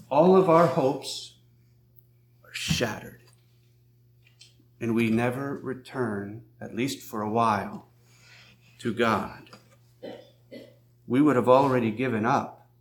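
A man preaching a sermon as a priest, in a slow, measured way, reading scripture aloud. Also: medium pitch, echoey room.

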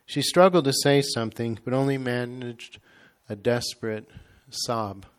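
Male reader, mid-pitched voice, measured reverent reading of a devotional story. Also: clear, resonant tone.

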